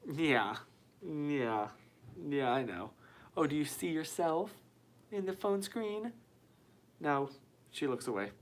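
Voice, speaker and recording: Slow and pausing often, this man speaks with a slightly high voice and lively intonation. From a small white-walled room, he hosts a relaxed live stream, reading viewer comments into his phone in a chatty, self-deprecating way.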